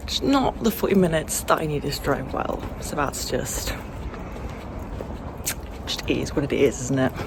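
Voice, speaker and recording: A woman's voice: deep voice, noisy background. A young woman in her twenties vlogging casually to camera, frank and sweary, venting with self-mocking humour. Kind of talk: casual vlog chat to camera.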